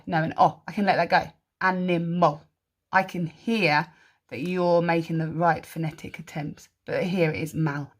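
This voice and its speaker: A woman teaching a spelling lesson to children, sounding out words and syllables slowly and clearly, praising their answers. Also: lowish voice. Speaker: primary school teacher.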